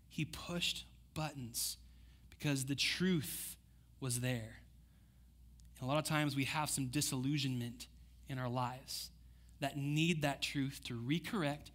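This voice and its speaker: A young man preaching a casual sermon, reading scripture and acting out the people in it with chatty slang asides. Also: a little high. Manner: conversational, animated, acts out quotes with slang asides.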